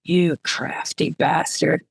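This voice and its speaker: A woman voicing a very drunk, loud young woman who talks in a wobbly, sing-song way during a romance novel reading. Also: on the low side, sing-song, moderate pace. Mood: drunk giddy.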